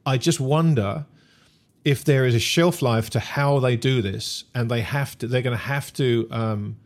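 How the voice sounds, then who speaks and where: A man co-hosts a casual sports chat. He wonders aloud, stopping and restarting often. His voice sits at an ordinary middle pitch. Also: unhurried. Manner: musing, hesitant, many restarts. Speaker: podcast co-host. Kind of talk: casual discussion.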